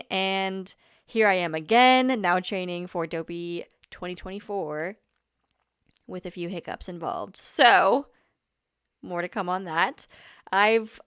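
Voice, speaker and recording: A woman's voice: mid-range voice, fairly bright tone, clean tone, no room sound, clean studio sound. A young woman hosting her own podcast, chatting in a bubbly, rambling way with restarts and small laughs. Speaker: podcast host. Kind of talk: casual solo podcast chat. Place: Orlando, Florida home.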